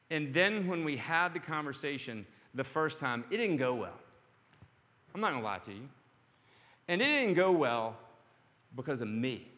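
A man preaching a sermon, dramatic and storytelling, dropping to a hush and then rising to shouts. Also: mid-range voice. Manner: dramatic, swings from hushed to shouting. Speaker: pastor. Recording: long hall reverb.

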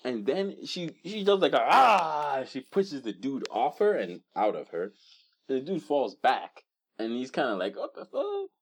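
A young man co-hosting a casual podcast chat, telling stories in an animated way and acting out voices. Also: mid-range voice, moderate pace, slightly rough. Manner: animated storyteller, acts out screams and voices. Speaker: podcast co-host.

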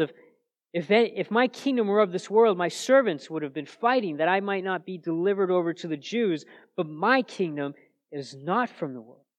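A man's voice: high voice, a little mellow. A man preaching an expository sermon in a conversational way, often restarting phrases and pressing with emphatic questions.

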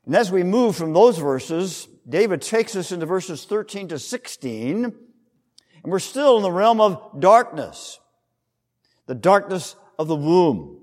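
A male pastor preaching a sermon, teaching in an explanatory way with emphatic rises and soft trailing drops. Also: high voice, sing-song, slow pace, long reverb tail.

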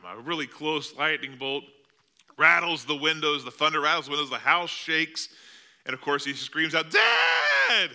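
A man's voice: medium pitch, bright, forceful tone, smooth. A male pastor preaching a sermon in a church, telling a story with vivid, dramatic delivery. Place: church sanctuary.

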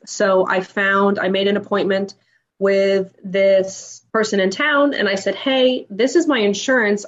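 A woman in her thirties tells her own story as a podcast guest. She is emotional and animated and acts out the lines of the people in it. The recording sounds dull and lo-fi. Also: medium pitch. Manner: emotional, animated retelling with acted-out dialogue. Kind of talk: personal storytelling in an interview.

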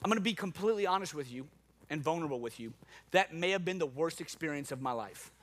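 Guy pastor preaching, high bright voice, goofy self-mocking story then earnest point, keeps saying stuff like true story. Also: fast. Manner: animated, self-mocking storytelling with repeated asides. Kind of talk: sermon with a personal story.

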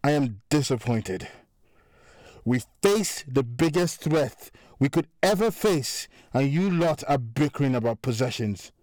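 A man voicing a furious middle-aged crime boss, talking loud and sarcastic as he accuses his crew. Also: mid-range voice, lively intonation, unhurried, no echo, clean studio sound, close to an everyday voice. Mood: angry. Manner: angry, raised and sarcastic.

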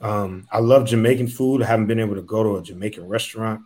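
A man's voice: on the low side, fairly even intonation, fast, a little mellow. A man in a comedy sketch, griping in a self-pitying rant.

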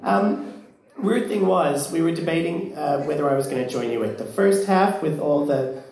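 A man's voice: on the high side, animated, normal speed, a little mellow. Man, sick with a cold, campy, self-mocking, laughing a lot, very echoey room. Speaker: podcast co-host. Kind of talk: casual comedic chat.

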